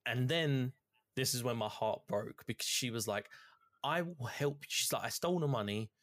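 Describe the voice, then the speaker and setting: A man's voice: mid-range voice, normal speed, no echo, studio quality. Man swapping game stories. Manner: swearing, animated storytelling. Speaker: podcast co-host. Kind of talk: casual chat recounting a video game.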